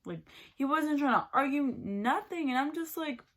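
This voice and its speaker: A young beauty vlogger talks at a moderate pace in a high, animated, fairly bright voice. While doing her makeup she rambles chattily about her boyfriend, filling everything with "like."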